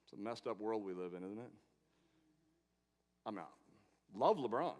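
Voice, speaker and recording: A man preaching a sermon, swinging between loud emphatic proclamations and quiet asides, with rhetorical questions and long lists. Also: on the low side, lively intonation, normal speed. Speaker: pastor. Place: church sanctuary. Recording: long hall reverb in a church.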